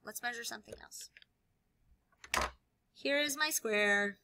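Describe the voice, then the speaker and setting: Bright high-voiced woman teacher. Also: slow pace, gravelly. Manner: upbeat, explaining while demonstrating with objects. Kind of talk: classroom video lesson.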